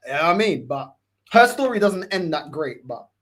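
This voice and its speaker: Young london guy telling a story, voice jumps all over, a bit husky, acts out everyone. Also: a little high, moderate pace. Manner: animated, acts out quotes in shifting voices, laughs often. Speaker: podcast host. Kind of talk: casual storytelling chat.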